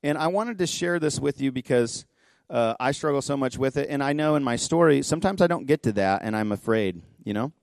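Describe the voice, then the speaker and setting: A man pastor giving a sermon in a church, telling a story conversationally with quick asides. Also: medium pitch, expressive, no echo. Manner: impassioned, rising to near-shouting pleas. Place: church sanctuary.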